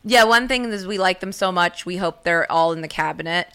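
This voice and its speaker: Profane, bright-voiced woman podcast co-host. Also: lowish voice, brisk, clean tone. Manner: profane, animated, laughs often. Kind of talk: casual political chat.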